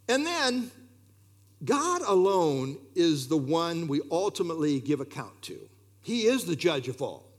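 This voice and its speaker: A male preacher delivers a sermon in a high, bright-pitched voice. His intonation rises and falls widely as he poses rhetorical questions, with the odd filler word along the way.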